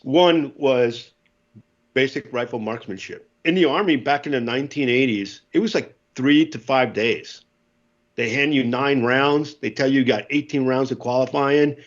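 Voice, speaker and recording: A man in his fifties from the United States, a podcast guest telling lively war stories and acting out the voices. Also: mid-range voice, normal speed, muffled recording. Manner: animated storyteller, acts out voices, laughs often. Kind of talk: casual storytelling.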